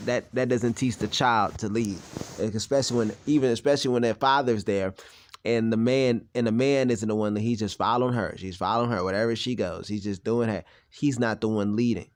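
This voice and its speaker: A young man talks straight to his audience in a loose, rambling monologue. His words are blunt and often profane, and his voice sits at an ordinary male pitch. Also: darkish tone. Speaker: channel host. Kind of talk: personal monologue.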